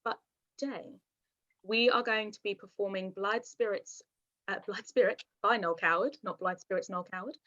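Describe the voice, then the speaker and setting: A woman's voice: medium pitch, normal speed, bright, forceful tone. A young woman in her twenties hosting a video call cast introduction, talking in a put-on posh voice and giggling between lines. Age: 20s. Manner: giggly, upbeat. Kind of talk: casual chat. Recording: dull lo-fi video call audio.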